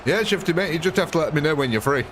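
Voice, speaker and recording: A man's voice: fairly high pitch, lively intonation, rapid-fire, a bit bright, slight background noise. A man hosting a gaming livestream, chatting casually with viewers and chuckling often. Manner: chatty, chuckling, answers chat. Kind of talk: casual live-stream chat.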